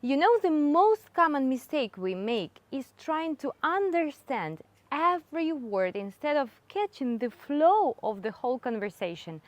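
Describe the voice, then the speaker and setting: A woman whose first language is Spanish narrates an English lesson, slowing down to demonstrate phrases with emphasis. Her voice is fairly high and very lively, recorded dry and close. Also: no room sound. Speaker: English teacher.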